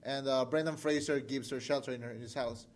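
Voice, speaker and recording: Rambling, halting man in a movie chat. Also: mid-range voice, fairly even intonation. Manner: rambling, halting restarts, sarcastic. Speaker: podcast co-host.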